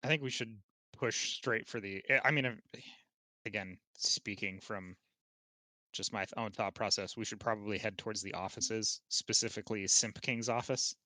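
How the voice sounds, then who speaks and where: Low-voiced dude at the game table, jokey, thinks out loud, dry close mic. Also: male voice, steady tone, moderate pace, dry recording. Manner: joking, thinks aloud with restarts. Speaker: player. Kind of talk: casual tabletop play.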